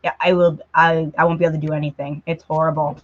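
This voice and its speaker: Woman co-host with a low voice over dull lo-fi audio, casual and filler-heavy. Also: level tone, quick pace. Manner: says "like" a lot. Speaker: live stream co-host. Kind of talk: casual live stream chat.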